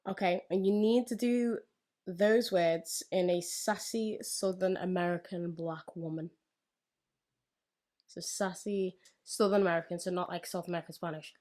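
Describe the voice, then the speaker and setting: A woman's voice: on the low side, fairly even intonation, normal speed, darkish tone. A woman co-hosting a casual podcast chat, teasing and laughing often. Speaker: podcast co-host.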